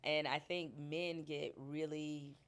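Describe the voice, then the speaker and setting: A woman's voice: sits low, little pitch movement, slow. A middle-aged woman speaking candidly and emphatically as a podcast guest, laughing often. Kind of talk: casual interview conversation.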